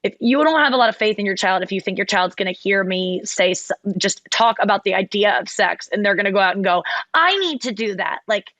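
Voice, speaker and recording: A woman's voice: medium pitch, expressive, fairly quick, hardly any pauses, a bit bright, no echo. A woman hosting a podcast in casual chat, talking candidly and rambling with many fillers and restarts. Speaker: podcast host.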